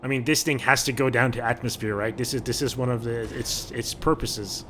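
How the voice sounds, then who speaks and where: A man's voice: mid-range voice, fairly even intonation, fairly quick, a bit bright, slight background noise. A man giving casual, chatty commentary over gameplay, often repeating words as he thinks aloud. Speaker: gaming video creator.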